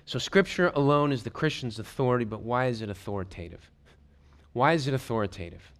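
A man preaching a sermon, reading scripture aloud and explaining it, building to emphatic points and then dropping low and quiet. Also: lively intonation, a little fast. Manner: drops to a low, quiet tone to drive points home.

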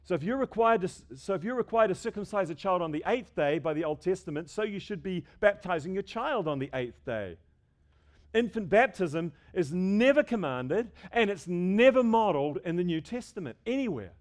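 Middle-aged pastor guy preaching hard, voice a bit on the high side, lots of rhetorical questions and restarts. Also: expressive, moderate pace. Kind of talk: sermon.

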